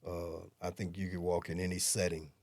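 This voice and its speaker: Man, podcast host, low mellow voice, reflective, affirming. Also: completely flat delivery, moderate pace. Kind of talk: casual interview chat.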